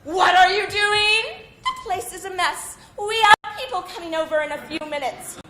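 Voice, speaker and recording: A woman playing a frantic, hysterical middle-aged housewife in a staged comedy scene, talking in a shrill, exasperated rush. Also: lively intonation, normal speed, pushed and bright. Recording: roomy echo.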